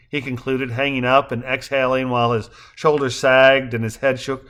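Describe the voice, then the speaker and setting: A man narrating a novel aloud in a measured reading. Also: medium pitch, flat delivery, fairly bright tone, smooth. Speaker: audiobook narrator. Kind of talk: scripted narration.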